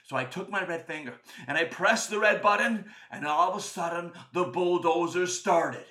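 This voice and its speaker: A man hosting a children's storytelling show, telling a story in a playful, animated way and acting out the scenes. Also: high voice, normal speed, hardly any pauses, echoey room. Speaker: storyteller host.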